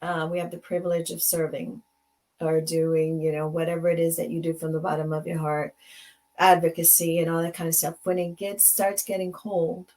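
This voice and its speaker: Low-voiced woman hosting a motivational talk. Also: flat delivery, normal speed, a little mellow. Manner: conversational, mixes in Spanish phrases, acts out dialogue. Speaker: host; advocate.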